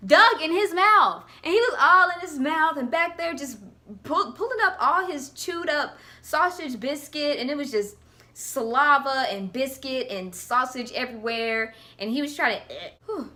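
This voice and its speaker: Animated young woman telling stories. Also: fairly high pitch. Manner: animated, acts out quotes in voices. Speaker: vlogger. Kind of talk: storytelling vlog.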